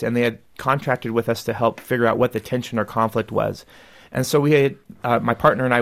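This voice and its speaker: Guy with a gravelly voice telling a story on a radio interview, earnest, studio mic. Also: medium pitch. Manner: earnest and animated when retelling events. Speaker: guest author on conflict resolution.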